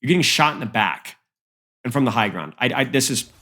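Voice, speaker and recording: A man's voice: medium pitch, big pitch swings, brisk, pushed and bright. A man working as an esports coach, reviewing match footage with blunt, emphatic critique and frequent repeats. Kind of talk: analytical game review.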